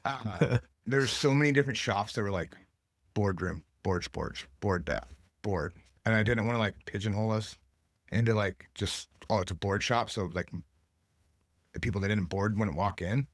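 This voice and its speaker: A man's voice: on the low side, moderate pace, no room sound, studio quality. A middle-aged man, a shop owner and podcast guest, telling loose rambling stories full of fillers in casual chat.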